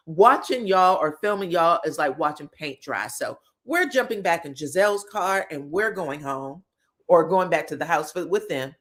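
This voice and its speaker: A woman hosting a reality TV recap, talking casually and sassily, laughing often and acting out what the cast said. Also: on the low side. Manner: animated and sassy, laughs a lot, acts out quotes.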